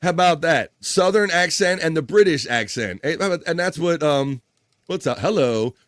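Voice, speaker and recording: A man's voice: lively intonation, normal speed, a bit bright, dry recording, clean studio sound. A man hosting a casual live stream, reading out viewer comments with loose jokes and frequent laughter. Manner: loose, joking, laughs often, trails off low.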